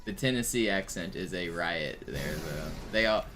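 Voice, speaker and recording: Young male streamer: casual, profane, low voice, noisy mix. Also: moderate pace. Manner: rambling, profane, filler-heavy storytelling. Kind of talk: casual gaming stream chat. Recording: steady background noise.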